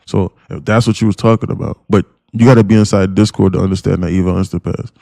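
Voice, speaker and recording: A man's voice: deep voice, steady tone, fast, gravelly, warm tone, no room sound. A man streaming live as a day trading mentor, talking in a rambling, profane, casual way with lots of fillers. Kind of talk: casual livestream chat.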